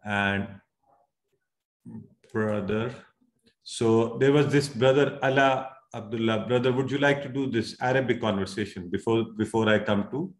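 A man's voice: mid-range voice, measured pace, reverberant. A man teaching an Arabic grammar class online, patiently explaining and calling on students. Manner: patient, drills students, calls on them by name.

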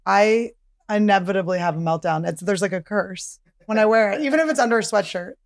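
A woman's voice: medium pitch, a little fast, no echo, studio quality. A woman comedian hosting her podcast, chatty and self-mocking, laughing often and swearing freely. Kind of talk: casual podcast chat.

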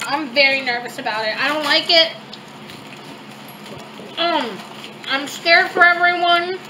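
High-voiced woman, hesitant and soft. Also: unhurried, noisy background. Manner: hesitant, filler-heavy talk. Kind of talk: casual mukbang chat.

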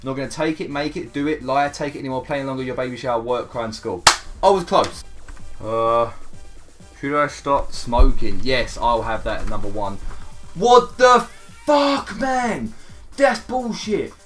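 A young man doing casual gameplay commentary, swearing often and quick to get exasperated and mock himself. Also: mid-range voice, a bit bright, faint music behind. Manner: swears a lot, quick to exasperation, self-mocking. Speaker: gaming YouTuber.

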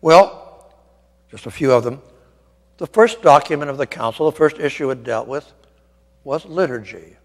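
A man's voice: on the high side, animated, moderate pace, long pauses. Older man, priest, guest lecture, discursive, wry asides, fillers, long church echo. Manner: discursive, wry asides, frequent ums and restarts.

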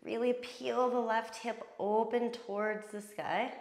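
A woman yoga instructor calmly cueing breath and poses through a guided class. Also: fairly high pitch, a little slow, echoey room.

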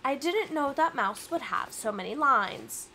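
Woman streamer w a sore throat, slow easy chat, giggly, a bit of hum behind her. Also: high voice, expressive, pushed and bright, low-quality recording. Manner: chatty, giggly, self-deprecating. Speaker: streamer reading aloud. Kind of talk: casual live-stream chat.

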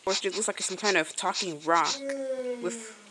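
A woman's voice: mid-range voice, moderate pace, a crowd in the background, rough recording. A woman giving casual, rambling reaction commentary, thinking aloud as she watches. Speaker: video reactor. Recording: video soundtrack music playing behind.

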